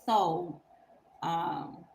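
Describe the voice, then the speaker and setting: A woman's voice: lowish voice, drawn-out words, creaky, darkish tone. A woman on her own channel, telling a story in casual, profane, emphatic talk and laughing through it. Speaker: YouTuber.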